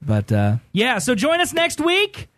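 A man's voice: very high-pitched, huge pitch swings, a little slow, a bit bright, dry recording, studio quality. A man hosting a casual radio talk show, joking and laughing often with his co-host.

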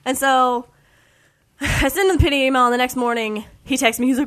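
A young woman talks quickly and animatedly, her slightly high voice running on in casual chat. She fills her story with "like" and quoted back-and-forth. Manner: chatty, animated, many "like"s.

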